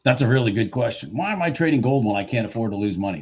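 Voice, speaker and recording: Man in mid-pitch range, live trading streamer, annoyed and self-mocking, talks to himself and chat. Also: expressive, fast talker. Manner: frustrated, swearing, talking to himself and chat; laughs at himself, repeats phrases. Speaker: livestream futures trader.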